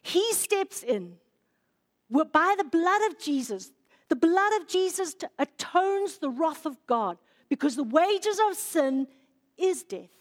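Female preacher, high-pitched and unhurried, emotional sermon delivery that swells and falls to a hush. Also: big pitch swings. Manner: emotional, rises loud then drops to hushed. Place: church.

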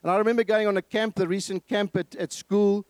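A man's voice: sits high, fairly even intonation, fairly quick, darkish tone, no room sound. A man preaching a sermon in a church, telling a story earnestly and often repeating his words.

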